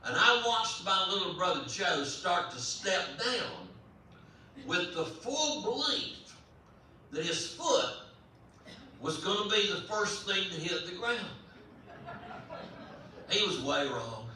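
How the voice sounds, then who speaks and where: Animated storyteller man in an echoey hall. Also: sits high, slow pace, long pauses. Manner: animated, comic, folksy delivery. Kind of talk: live storytelling performance. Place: large hall at a residential campus. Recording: echoey hall, voice from far off, faint hum.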